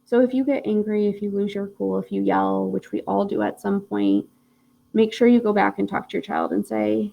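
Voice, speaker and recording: A woman's voice: mid-range voice, steady tone, moderate pace, creaky, muffled recording. A woman teaching a parenting class on a live stream, talking in a chatty way with lots of "like" fillers and personal stories. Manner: chatty, warm storytelling with frequent "like" fillers.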